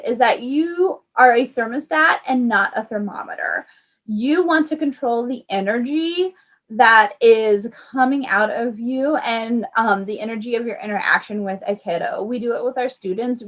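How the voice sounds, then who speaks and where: A young woman with a fairly high voice explains calming breaths to parents. She talks in a friendly, easygoing way, with plenty of fillers and loose asides, like a paraprofessional chatting after class. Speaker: early childhood paraprofessional. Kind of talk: informal parent education talk.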